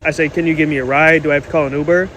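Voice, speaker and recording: A man casually telling a story to his phone camera, animated and indignant as he retells it. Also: on the high side, rapid-fire, low-quality recording. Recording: faint background noise.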